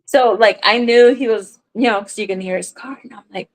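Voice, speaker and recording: A woman chatting on a crochet livestream, telling a story in a lively way, acting out what people said and swearing now and then. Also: on the high side, a little fast, poor audio. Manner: animated storyteller, acts out dialogue, swears casually. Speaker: crochet content creator on a livestream. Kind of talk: casual livestream chat, storytelling.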